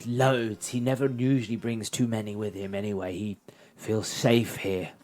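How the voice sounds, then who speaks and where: A man's voice: lowish voice, flat delivery, normal speed, darkish tone, faint music behind. A man narrating a tabletop role-playing game as game master.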